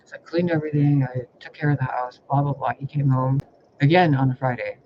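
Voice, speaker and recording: A man's medium-pitched voice, fairly quick and fairly even in intonation, carries rambling stories from his life as a spiritual reader. The casual vlog finds him exasperated and swearing a lot. A faint hiss sits beneath the dull lo-fi sound.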